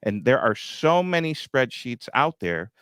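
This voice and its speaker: A man's voice: mid-range voice, sing-song, unhurried, a bit bright, clean tone, dry recording, studio quality. A middle-aged man hosting a grain market show, talking bluntly with a teasing edge. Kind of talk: market commentary.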